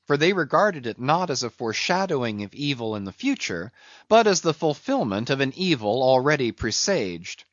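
Male audiobook narrator, measured and expressive, dry close recording. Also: mid-range voice, no echo, highs cut off. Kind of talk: reading a classic novel aloud.

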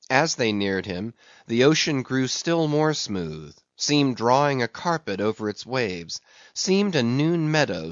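A man narrating an audiobook in a measured, even reading. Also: mid-range voice, dry recording. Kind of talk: scripted narration. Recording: dull, dry sound.

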